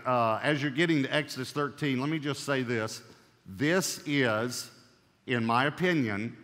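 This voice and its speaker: A man's voice: mid-range voice, fairly bright tone. Emphatic male pastor in a reverberant hall. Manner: emphatic, repeats key phrases, reads scripture aloud. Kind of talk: sermon. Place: large church auditorium.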